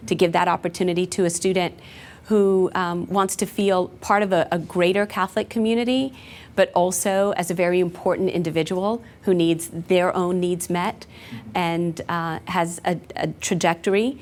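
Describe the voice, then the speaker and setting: A woman's voice: fairly low pitch, fairly even intonation, normal speed, darkish tone. A woman in her forties, a school principal, answering interview questions in an earnest, reflective way with frequent fillers. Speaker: new high school principal.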